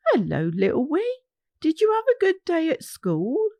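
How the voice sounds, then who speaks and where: A woman voicing a kind grandmother hog in a children's storybook, gently asking questions. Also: very high voice, wildly swooping pitch, unhurried, pitched above the performer's own voice, heavily acted. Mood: gentle.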